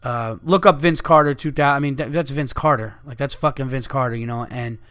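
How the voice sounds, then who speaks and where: Rambling, profane podcast host. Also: male voice, mid-range voice, fairly quick, a bit bright. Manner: rambling, profane, full of fillers and asides. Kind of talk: casual storytelling.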